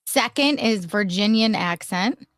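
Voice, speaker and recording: A woman hosting a casual group stream, briskly reading ranked lists to the others. Her pitch sits mid-range and the sound is dry. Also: expressive, a bit bright, no room sound. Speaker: stream host.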